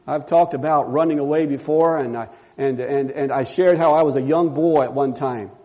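A man's voice: a little high, brisk, hardly any pauses, warm tone. A middle-aged male pastor preaching a sermon, telling stories and acting out the voices of the people he quotes.

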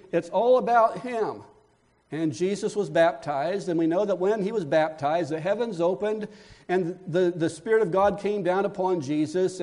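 A man with a notably high voice delivers a sermon from the pulpit. He leans on repetition, coming back to the same lines again and again to drive each point home. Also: darkish tone. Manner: preaching with emphatic repetition. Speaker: pastor.

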